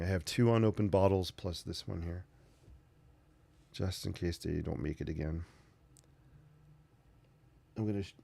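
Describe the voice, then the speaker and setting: Deep gravelly man chatting while he paints. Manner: relaxed, rambling, talks while painting. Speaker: art livestream host. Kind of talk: casual sketching livestream chat.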